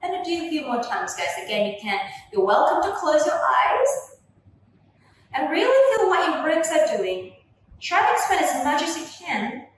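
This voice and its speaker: A young woman leading a gentle Pilates workout with slow, soothing cues, filmed on a camera from across the room. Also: high-pitched, big pitch swings, slight background noise. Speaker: Pilates instructor. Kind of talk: guided workout instruction. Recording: echoey room, voice from a distance.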